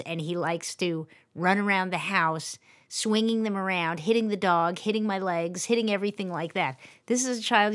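A woman co-hosting a podcast, chatting casually with wry, skeptical comments. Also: lowish voice. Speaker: podcast co-host. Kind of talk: casual chat.

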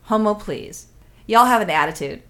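A woman's voice: mid-range voice, animated, moderate pace, bright, forceful tone. A woman telling a rambling story in casual chat with her co-host, swearing freely and talking animatedly. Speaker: podcast co-host.

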